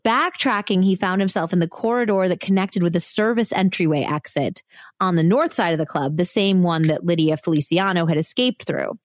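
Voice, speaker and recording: A woman's voice: fairly low pitch, fairly quick, dry recording, clean studio sound. A woman hosting a podcast, recounting a true crime story in a casual, chatty way full of "like" and "you know". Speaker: podcast host.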